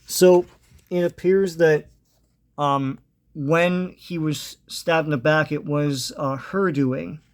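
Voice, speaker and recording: A man's voice: on the high side, steady tone, slow pace. A man casually retelling a comic book story, hesitant and full of ums and uhs. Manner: hesitant, lots of ums and uhs, chuckles now and then.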